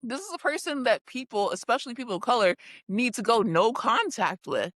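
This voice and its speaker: A woman's voice: on the high side, lively intonation, brisk, fairly bright tone, dry recording, clean studio sound. A woman guest on a podcast, giving blunt, emphatic commentary in casual slang. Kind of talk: casual reality TV recap chat.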